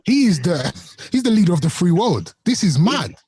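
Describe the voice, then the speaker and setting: A man co-hosts a casual podcast in an animated, mocking way. His husky voice leaps up and down in pitch, and the sound is dry and close. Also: moderate pace, no room sound. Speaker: podcast co-host and radio presenter. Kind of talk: casual chat.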